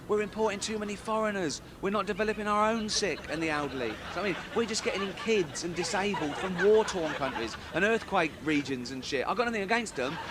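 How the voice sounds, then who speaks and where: A man's voice: high-pitched, background noise. An English man in his thirties giving a blunt, mock-ignorant comic news monologue. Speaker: comedy news presenter.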